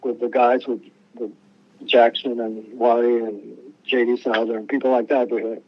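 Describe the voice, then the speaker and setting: A man's voice: medium pitch, flat delivery, moderate pace. An older man, a musician guest, telling stories casually in a rambling way, often restarting his sentences and acting out quotes. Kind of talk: casual storytelling interview. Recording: muffled lo-fi radio sound.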